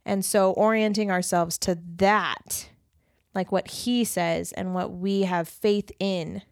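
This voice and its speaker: A woman co-hosting a casual faith discussion podcast, talking in an earnest, animated way and acting out quoted lines. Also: medium pitch, slow pace, dry recording, studio quality. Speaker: podcast co-host.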